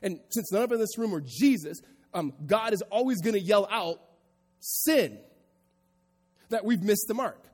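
A pastor preaching a sermon to a congregation, moving from quiet reflection to raised, emphatic delivery. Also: male voice, high-pitched, expressive, moderate pace, pauses often, husky, big-room sound. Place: church sanctuary before a congregation.

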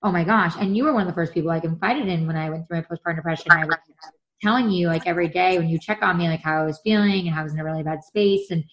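A woman's voice: fairly low pitch, racing, muffled recording. A woman in her thirties chatting casually as a co-host, telling stories and acting out what others said. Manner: chatty, animated storyteller acting out quotes. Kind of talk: casual chat.

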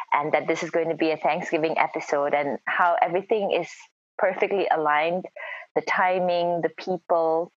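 Young woman on a podcast, gushy and excited, muffled mic, dry sound. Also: sits low, no echo. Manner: excitable, gushing. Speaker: podcast co-host. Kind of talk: casual chat.

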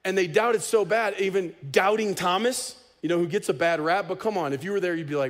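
Man, pastor, sermon, slightly higher voice, lively conversational delivery. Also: brisk, few pauses. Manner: conversational and animated, with casual humor.

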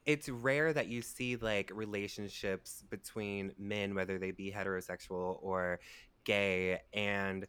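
A man's voice: lowish voice, steady tone, measured pace, fairly bright tone, clear, resonant tone. A man chatting on a podcast, speaking in an earnest and reflective way. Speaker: podcast guest. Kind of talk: casual chat.

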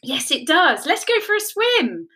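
A woman voicing a timid, slightly huffy little boy dinosaur in a children's story, in a high childlike voice. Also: very animated, a little slow, bright, forceful tone, full character voice. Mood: happy. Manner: high childlike voice, stammers when startled.

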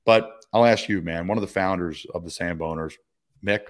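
Deep-voiced Philly podcast host. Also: male voice, moderate pace. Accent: Philadelphia. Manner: chummy, addresses listeners as guys. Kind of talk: casual podcast hosting.

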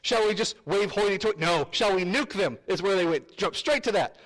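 Emphatic high-voiced preacher. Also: male voice, lively intonation, fairly quick, fairly bright tone, poor audio. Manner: emphatic, rhetorical, repeats phrases for effect. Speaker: Bible teacher. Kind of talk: verse-by-verse Bible study teaching.

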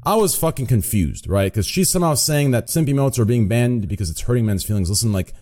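A young man hosting a loose streamer podcast in a middle-pitched voice that swings widely up and down. He jokes around and rambles, then drops into low, quiet mumbles before bouncing back up. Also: lively intonation, quick pace. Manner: joking, rambling, trails into mumbles. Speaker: streamer and show host. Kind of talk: casual podcast chat.

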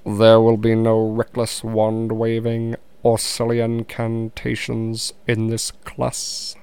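A stern, deep-voiced male actor, as a man puts him on for a comic impression. Every word is stretched out slowly and pitched well below an ordinary speaking voice. The tone stays smooth and resonant. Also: completely flat delivery, darkish tone. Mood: sneering, stern. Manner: slow, drawn-out, lowered delivery.

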